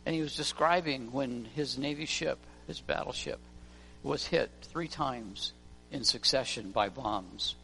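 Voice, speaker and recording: Male pastor, storytelling sermon, bright tense tone, faint music behind. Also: medium pitch, unhurried, gravelly. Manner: storytelling preacher, acts out voices. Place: church. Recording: long reverb of a church hall, faint music.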